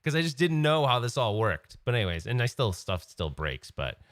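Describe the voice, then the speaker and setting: A man's voice: mid-range voice, sing-song, brisk, fairly bright tone, dry recording, clean studio sound. A man hosting a live-stream podcast in casual chat, rambling and getting sidetracked. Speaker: podcast host.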